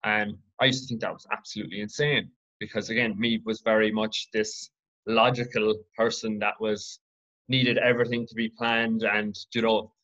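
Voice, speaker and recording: A man from Ireland hosting his own podcast, telling a personal story in an earnest, reflective, halting way. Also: fairly low pitch, level tone, a bit bright, lo-fi sound. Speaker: podcast host.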